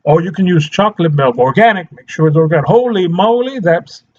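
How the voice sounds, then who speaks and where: Man with a fairly high voice, a chatty nutrition coach who laughs a lot, on dull lo-fi audio. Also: fast, darkish tone. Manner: chatty, laughs often, keeps checking in with "okay?". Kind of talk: casual health talk to camera.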